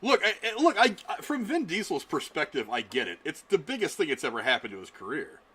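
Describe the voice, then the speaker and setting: Bright-voiced, upbeat man hosting a podcast. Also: on the high side, sing-song, fast talker. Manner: upbeat, talkative, laughs often. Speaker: host. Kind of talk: casual podcast banter.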